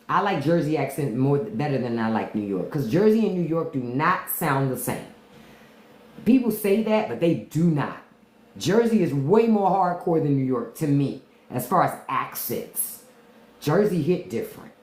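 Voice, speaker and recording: A low-voiced woman with a D.C. chats candidly on a livestream, her pitch swinging up and down as she talks. She laughs often and drops into imitations of how people speak in other cities. The room is echoey around her. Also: darkish tone. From Washington, D.C. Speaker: podcast host on a livestream. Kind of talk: casual livestream chat answering viewers.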